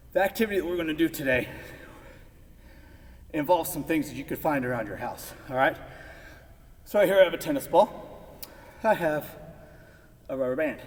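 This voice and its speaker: Brief: upbeat male PE teacher, slightly high voice, counting reps in a roomy hall, mic well back. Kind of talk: leading a home workout video. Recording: echoey room from far off, faint noise.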